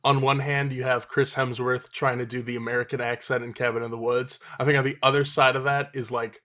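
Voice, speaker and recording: A man co-hosting a casual movie review podcast, relaxed and full of fillers. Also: medium pitch, brisk. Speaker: podcast co-host.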